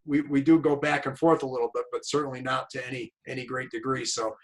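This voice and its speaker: Male host, conversational storyteller, average pitch, video call. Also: flat delivery, quick pace, low-quality recording. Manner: chatty, tells anecdotes. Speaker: host and tennis coach. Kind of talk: casual interview chat.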